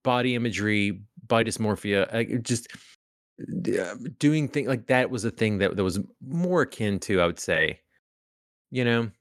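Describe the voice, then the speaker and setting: A man's voice: fairly low pitch, lively intonation, moderate pace, dry recording, studio quality. A man co-hosting a horror movie podcast, talking in a rambling, self-correcting way and laughing often. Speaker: podcast co-host. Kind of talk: casual chat.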